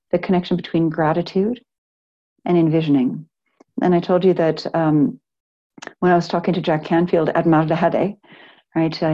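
Middle-aged woman, yoga teacher, earnest rambling class talk, lowish voice, dull lo-fi sound. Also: mellow. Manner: earnest, rambling, with frequent restarts and laughs.

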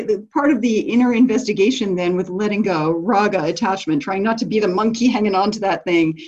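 A woman's voice: mid-range voice, a little mellow, breathy edge, muffled recording. A woman leading a business coaching group call, enthusiastic and affirming, laughing often as she talks.

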